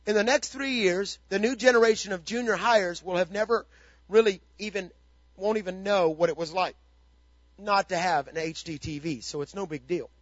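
A man's voice: sits high, normal speed, no echo, highs cut off. A man pastor giving a motivational ministry talk, emphatic and fond of repeated rhetorical questions.

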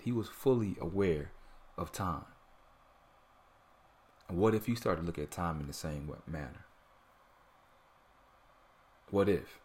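A man with a somewhat low voice delivers a podcast sermon. He is earnest and steady, and he breaks into relaxed, conversational asides while leaning on repetition to drive points home. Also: measured pace, long pauses. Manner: earnest preaching with casual asides and repeated phrases. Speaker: podcast preacher.

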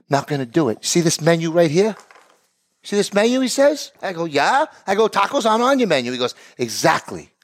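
Animated, excitable middle-aged man. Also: on the high side. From Italian heritage. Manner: excitable, acts out both sides of conversations. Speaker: podcast co-host, barbecue business owner. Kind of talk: animated storytelling rant.

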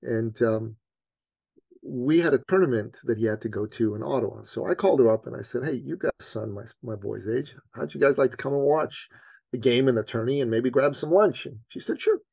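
A man, a business coach, telling a personal story on a podcast in an earnest, animated way that leans on his faith. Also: mid-range voice, fairly quick, gravelly, slightly rough, no echo. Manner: animated storyteller, acts out his own panic.

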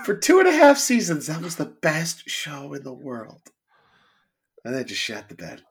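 A man in casual chat, animated, often quoting lines in put-on voices. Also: fairly high pitch, moderate pace, slightly rough. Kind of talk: casual chat about TV shows.

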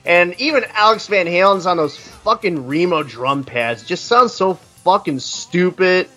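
Guy ranting and cursing about a record, high voice that jumps all over. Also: expressive, a little slow, pushed and bright, soft background music. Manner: crude, ranting, mocking. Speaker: podcast co-host. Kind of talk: casual profane music review chat.

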